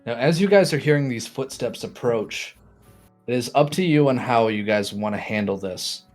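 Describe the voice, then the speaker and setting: A man narrates a tabletop role-playing game as its storyteller. He lingers on words and drops into hushed pauses to build suspense. Faint music plays behind him. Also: medium pitch, animated.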